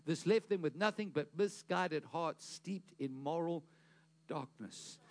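A man's voice: on the high side, takes it slowly, darkish tone. A man preaching a sermon to a congregation, pushing his voice up for emphasis, asking the room questions and stumbling into restarts. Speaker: pastor.

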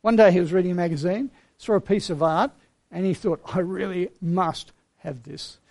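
This pastor, a middle-aged man, speaks from the pulpit with a slightly high, gravel-edged voice. His sermon is earnest and story-driven, with soft pauses that let important words sink in.

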